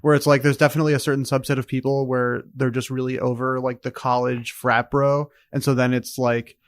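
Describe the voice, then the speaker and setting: A man's voice: medium pitch, level tone, a little fast. An easygoing man chats casually on a podcast, often answering with short agreements. The recording sounds dry and close, with no room echo.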